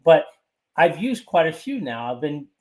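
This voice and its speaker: A co-host chats casually on a podcast in a mid-pitched voice. The talk rambles, with repeated words and restarts as thoughts form. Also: very animated, moderate pace, darkish tone.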